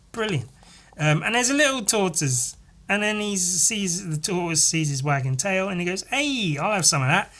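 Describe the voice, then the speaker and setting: A podcast host on a casual solo show tells a story panel by panel with lots of animation, swearing freely. His voice sits a little high.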